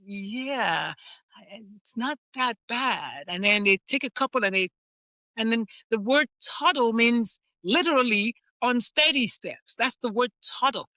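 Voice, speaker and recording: A woman talks as a pediatrician guest, her voice pitched a little high and very bright. She tells her own story candidly and animatedly, repeating phrases for emphasis. The sound is dry and close. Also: expressive, a little slow, no echo. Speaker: pediatrician and life coach guest.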